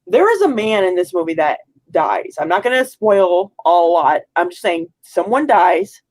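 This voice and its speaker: A woman co-hosting a podcast, giving blunt, quick asides in casual film chat. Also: fairly low pitch, sing-song, a little mellow. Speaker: podcast co-host.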